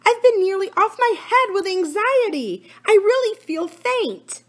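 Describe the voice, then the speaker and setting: A woman reading aloud, voicing an anxious, frail aunt who nearly faints, in a high, drawn-out, shrill voice. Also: very animated, exaggerated voice. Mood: alarmed.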